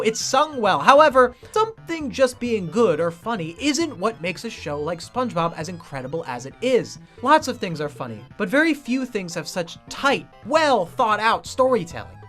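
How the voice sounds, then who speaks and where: A man's voice: high-pitched, very animated, normal speed, hardly any pauses, bright, forceful tone, faint music behind. A man giving scripted video-essay narration about cartoon writing, analytical and emphatic.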